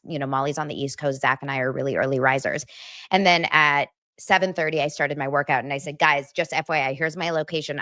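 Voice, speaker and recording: A woman's voice: deep voice, a bit bright, dry recording, clean studio sound. A woman hosting a podcast, chatting casually about celebrity gossip with playful, self-mocking exaggeration. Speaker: podcast host.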